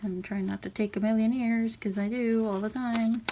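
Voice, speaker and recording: A woman casually talking through a handmade journal she is showing page by page, relaxed and chatty. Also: a little high, moderate pace. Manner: chatty, relaxed, with fillers and soft laughs. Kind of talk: casual craft walkthrough. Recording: audible background noise.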